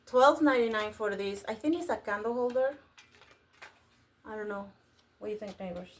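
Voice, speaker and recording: A woman whose first language is Spanish, excitedly chatting through a casual unboxing and gasping over each find. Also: mid-range voice, moderate pace, slight background noise. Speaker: vlogger unboxing a craft store grab box.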